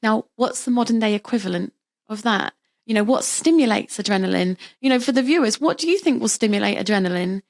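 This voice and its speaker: A middle-aged woman, a birth practitioner, talking casually as an interview guest and explaining with lively, vivid examples. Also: fairly high pitch, fast talker, gravelly.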